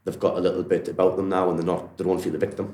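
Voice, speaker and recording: A man's voice: low voice, little pitch movement, very fast, warm tone, echoey room. A Geordie man from Newcastle, a martial arts coach, telling stories in a rambling, friendly way, full of "you know" and "like". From Newcastle, England. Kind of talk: casual storytelling interview.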